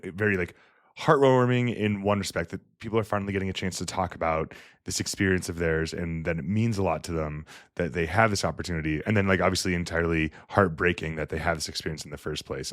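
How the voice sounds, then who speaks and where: A man's voice: sits low, no room sound, studio quality. A man hosting a podcast, chatting casually and enthusiastically with a guest. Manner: enthusiastic, many "like" fillers. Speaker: podcast host. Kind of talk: casual interview chat.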